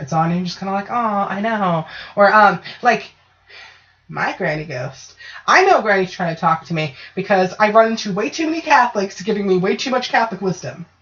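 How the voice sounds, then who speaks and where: This female co-host's voice sits low yet sounds a bit bright as she jokes around casually on a podcast. Expect lots of profanity and frequent "right?" tags, recorded in dull, lo-fi sound.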